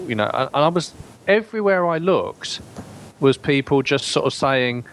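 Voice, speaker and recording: A man's voice: on the high side, very animated, moderate pace, fairly bright tone. Guy rambling along on a podcast, bit hesitant, faint hiss behind. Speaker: podcast guest. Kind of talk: casual chat.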